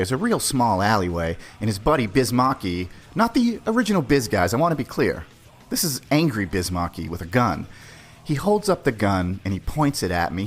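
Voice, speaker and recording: A man in his forties from the Boston area hosts a podcast, spinning a story in a loose, profane, chatty way. His voice sits low, with faint music playing behind him. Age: 40s. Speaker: podcast host. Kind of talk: casual storytelling.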